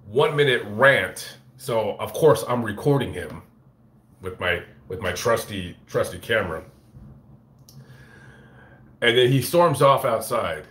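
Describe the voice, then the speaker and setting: A man telling a rambling, profane story on a casual live stream, recorded on a phone in a fast-food restaurant. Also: medium pitch, roomy sound. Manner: rambling, profane, animated retelling. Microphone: phone camera.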